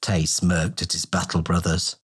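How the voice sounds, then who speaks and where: A man narrating a fantasy audiobook in a steady, descriptive storytelling manner. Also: low voice, measured pace, breathy edge.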